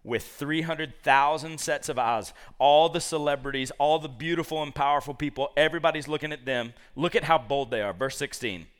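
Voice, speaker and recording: A man preaching a lively sermon, acting out the characters of a Bible story. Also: a little high, brisk, hardly any pauses, clear, resonant tone. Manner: animated, acts out quoted characters.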